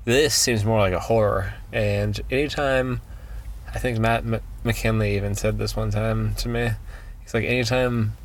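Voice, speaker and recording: A man's voice: fairly low pitch, fairly even intonation, normal speed, a little hiss or hum. A man hosting a podcast in casual chat, rambling, laughing and trailing off mid-sentence. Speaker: podcast host.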